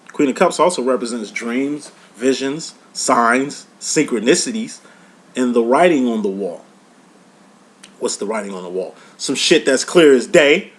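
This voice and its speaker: Blunt, profane man giving a tarot reading. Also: a little high. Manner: blunt, profane, preachy tough-love talk. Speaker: tarot reader and life coach. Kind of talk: casual tarot reading monologue.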